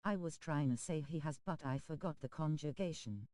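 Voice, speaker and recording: Mellow, smooth synthetic chat-reading voice. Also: mid-range voice, moderate pace, no room sound, rough recording. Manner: reads emoji names and abbreviations aloud literally. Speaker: text-to-speech chat reader on a game stream.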